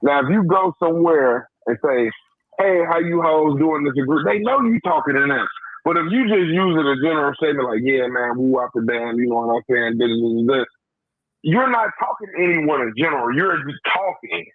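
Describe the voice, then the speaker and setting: A man's voice: fairly high pitch, lively intonation, brisk, husky, no room sound. A man co-hosting a live talk stream, arguing his side in a rambling way and checking in with "you know what I'm saying.". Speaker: podcast co-host. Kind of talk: heated casual debate. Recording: tinny phone line.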